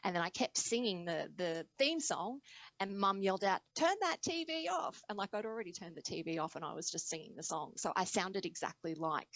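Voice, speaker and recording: A woman speaking as an interview guest on singing, reflective and animated in conversation. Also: lowish voice, a little fast, no echo, low-quality recording. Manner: reflective, animated storytelling with laughs.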